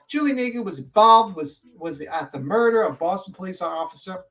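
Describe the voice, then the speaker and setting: A man's voice: high-pitched, animated, a little fast, few pauses, fairly bright tone. A male livestream host reading a document aloud with blunt, profane, indignant asides.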